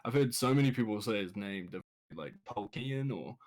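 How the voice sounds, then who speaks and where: A man's voice: lowish voice, lively intonation, brisk, darkish tone. A man with a New Zealand accent co-hosting a podcast, chatting casually, swearing often and laughing a lot. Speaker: podcast co-host. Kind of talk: casual chat.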